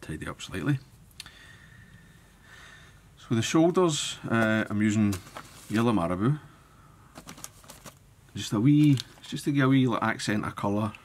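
Low-voiced man. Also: a little slow, long pauses, a little hiss or hum. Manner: relaxed, thinking aloud while working with hands. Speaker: fly tying instructor. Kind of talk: step-by-step tutorial narration.

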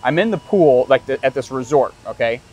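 A man interviewing a guest, telling anecdotes with animated impressions of the people in them. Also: medium pitch, brisk, slightly rough, rough recording. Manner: animated anecdote teller, acts out voices. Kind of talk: casual interview chat.

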